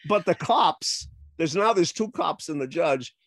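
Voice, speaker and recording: A man, a salesman telling a funny story in an animated way, laughing as he goes and acting out other people's voices. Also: on the high side, measured pace, no echo. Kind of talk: anecdotal storytelling.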